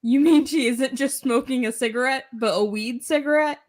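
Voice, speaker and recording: A woman's voice: high-pitched, normal speed. A woman co-hosting a casual podcast, giving teasing, mocking commentary. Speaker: podcast co-host. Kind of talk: casual chat.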